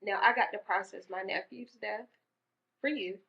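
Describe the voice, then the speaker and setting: A woman's voice: medium pitch, moderate pace, vocal fry. A woman in casual conversation, earnestly explaining her point step by step. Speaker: podcast guest. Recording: muffled dull sound.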